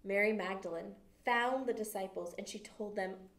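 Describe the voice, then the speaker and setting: A woman leads a children's Bible lesson, telling the story with lively, animated expression. Her voice rings in an echoey room, picked up from a distance. Her pitch sits in the middle range. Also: normal speed. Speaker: children's ministry teacher.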